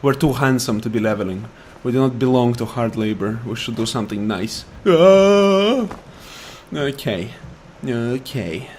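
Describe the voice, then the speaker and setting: Man, gameplay commentary, sarcastic rants, mid pitch, faint background hum. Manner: ranting, sarcastic, taunts enemies. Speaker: gaming YouTuber.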